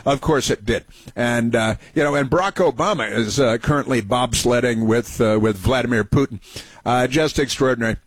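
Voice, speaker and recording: A man's voice: mid-range voice, breathy edge, no echo. Sarcastic male talk radio host. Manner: sarcastic, mocking, full of hesitant fillers. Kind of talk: political talk radio commentary.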